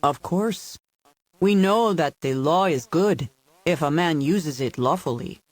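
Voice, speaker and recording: A man voicing a humble, soft-spoken male caretaker who answers courteously and formally. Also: on the high side, lively intonation, slow pace, no room sound. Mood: polite.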